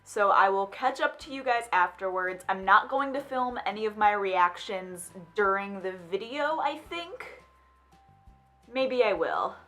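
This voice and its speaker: A woman's voice: mid-range voice, expressive, measured pace, pushed and bright, faint music behind. A young woman vlogging her reaction to a film, talking casually, exclaiming and asking questions aloud as she watches.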